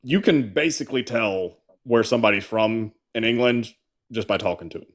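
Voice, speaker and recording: Chatty man with a lowish voice. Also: normal speed. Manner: curious, chatty, quizzes others on accents. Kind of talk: casual banter.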